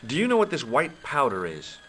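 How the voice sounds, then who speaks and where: Wry, deadpan detective. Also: male voice, mid-range voice, brisk, a little hiss or hum. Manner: sardonic, deadpan wisecracks. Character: wry adult male detective, dry humor. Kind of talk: game narration and dialogue. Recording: game audio with faint music.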